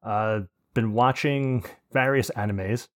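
A man's voice: medium pitch, takes it slowly. A man hosting a podcast in casual chat, telling rambling stories with swearing and laughs. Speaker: podcast host.

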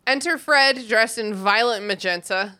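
A woman's voice: on the high side, measured pace. A woman co-hosting a podcast, chatting casually about a book and laughing often. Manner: giggly, chatty and animated. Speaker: podcast co-host. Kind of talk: casual book discussion chat.

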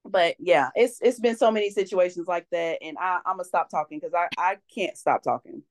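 A young adult woman, a podcast guest telling lively faith stories in casual conversation and acting out what people said. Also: fairly low pitch, fairly quick. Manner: animated storyteller, acts out quotes.

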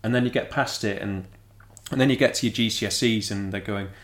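A young man in a casual book chat, retelling scenes with animated storytelling and acted-out quotes. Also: lowish voice, fairly quick.

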